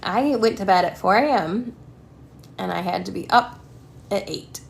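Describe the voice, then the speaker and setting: A woman's voice: a little slow, vocal fry, a little hiss or hum. Tired woman chatting to her cats. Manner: high baby-talk to cats, soft hushing to kittens. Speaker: cat rescuer streaming live. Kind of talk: casual live-stream chat with pets. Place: home room with cats. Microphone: phone.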